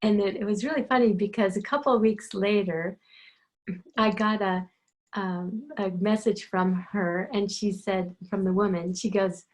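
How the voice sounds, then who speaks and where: A woman tells a casual, rambling story, drifting off into side remarks and asides along the way. Her voice sits at a middle pitch and keeps a relaxed, conversational flow. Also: moderate pace. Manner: meandering, digressive, lots of asides. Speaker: animal communicator.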